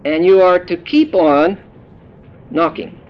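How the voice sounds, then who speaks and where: A man's voice: high voice, slow pace. A man preaching a sermon, explaining words in a folksy, joking teaching manner. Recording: dull lo-fi sound.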